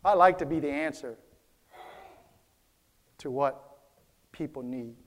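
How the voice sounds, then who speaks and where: Slow and fairly high-pitched, a man preaches as his church's pastor. Key phrases come back again and again, and he calls on the congregation to respond in classic preacher style.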